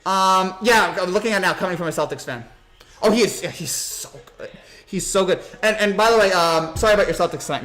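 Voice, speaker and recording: Hyped fast-talking young man. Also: high voice. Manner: excited, rapid, hyped-up sports talk. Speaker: sports commentary host. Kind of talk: postgame reaction livestream.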